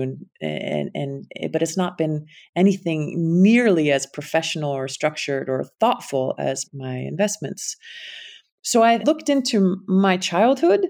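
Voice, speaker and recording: A woman's voice: deep voice, sing-song, a little slow, a little mellow. A middle-aged woman with a Connecticut accent, speaking candidly and thoughtfully in an interview, sometimes trailing off. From United States. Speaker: impact investing founder and guest. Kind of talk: reflective interview talk.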